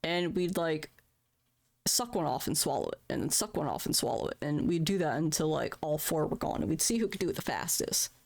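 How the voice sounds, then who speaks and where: Candid, profane woman streamer, low voice. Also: expressive, brisk, creaky, darkish tone. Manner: candid, profane, laughs at her own troubles. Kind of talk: casual live-stream chat.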